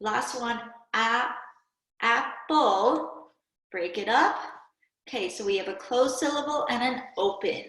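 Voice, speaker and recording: A woman teacher giving a recorded reading and spelling lesson to children, speaking clearly and patiently and asking them to pause and answer aloud. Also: fairly high pitch, fairly bright tone. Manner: slow, clear, patient classroom delivery with prompts to pause. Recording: echoey room.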